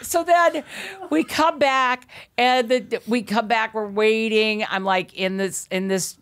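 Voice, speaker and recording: A middle-aged woman telling an animated story as a podcast guest, laughing often, swearing and acting out quotes. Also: on the high side, slow.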